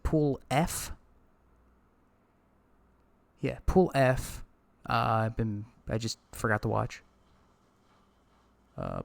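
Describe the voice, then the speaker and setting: A man hosts a casual esports podcast from his streaming setup. He rants about tournaments and swears freely, stopping now and then to greet his live chat. His voice sits at a middling pitch for a man. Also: vocal fry. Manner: profane, ranting, talks to live chat. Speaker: podcast host.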